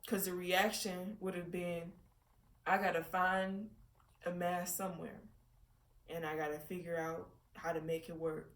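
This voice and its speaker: With a lowish, level voice and a slightly slow pace, a woman talks through a casual personal monologue at home. Her vlog is candid and profane, broken up by frequent laughter, and the recording is echoey and distant from the mic.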